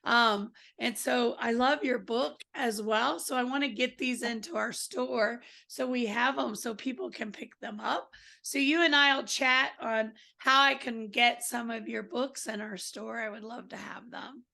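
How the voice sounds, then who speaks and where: A woman hosting a spiritual podcast, hoarse today, chatting casually and effusively with her guest. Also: a little high, steady tone, unhurried, hardly any pauses, sharp tone. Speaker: podcast host. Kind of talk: casual interview chat.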